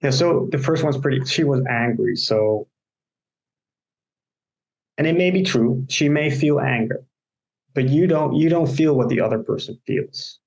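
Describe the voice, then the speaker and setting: Gravelly-voiced man explaining coaching examples. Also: mid-range voice, unhurried, pauses often, a little mellow, poor audio. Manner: explains by walking through examples and anecdotes. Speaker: agile coach, podcast co-host. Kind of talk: casual discussion on coaching.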